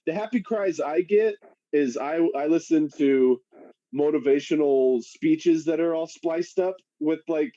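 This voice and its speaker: Podcast co-host, male, mellow tone, casual swearing, muffled dry recording. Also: fairly high pitch, a little slow, no room sound. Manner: swears freely, laughs mid-sentence, animated retelling. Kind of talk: casual chat.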